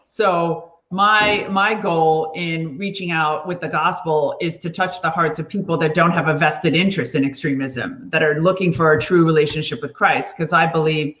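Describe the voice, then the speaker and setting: A woman guest speaking earnestly and in a measured way about her faith in casual conversation. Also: sits low, a bit bright, reverberant, dull audio. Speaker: podcast guest.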